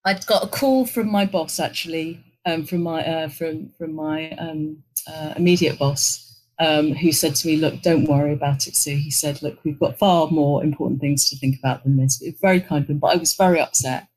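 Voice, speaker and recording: A middle-aged woman, telling an animated work anecdote in an interview and acting out the lines of the people in it. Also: deep voice, normal speed, poor audio. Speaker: interview guest, agency executive. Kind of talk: conversational storytelling.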